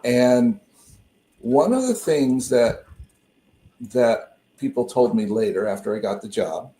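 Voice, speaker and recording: A man talking over a video call in a roomy space with a mellow, dark tone. He rambles through personal stories, restarting phrases often. The sound is echoey. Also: mid-range voice. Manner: rambling, self-interrupting storyteller. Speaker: co-host and minister. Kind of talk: casual conversation on a call.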